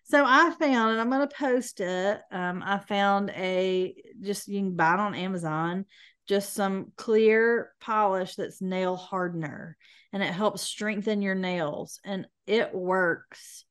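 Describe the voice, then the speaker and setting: A woman's voice: medium pitch, takes it slowly, a bit bright, clean tone. A woman, co-hosting a podcast in casual chat, playful and sarcastic. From American South. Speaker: podcast co-host.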